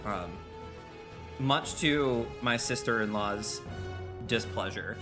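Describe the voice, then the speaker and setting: A man streaming live while he bakes in a home kitchen, rambling and joking loudly with his viewers, his microphone set some way from his face. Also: lowish voice, slow pace, over music. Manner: loud, rambling, jokey, chatting with viewers. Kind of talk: casual chat while baking. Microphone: microphone set far from his face.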